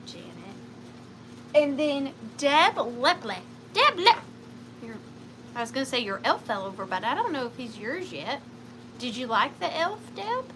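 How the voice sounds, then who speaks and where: Slow, high-voiced Southern woman hosting a live sale. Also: background noise. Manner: chatty, gushing, talks to viewers by name. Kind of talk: live selling vintage antiques.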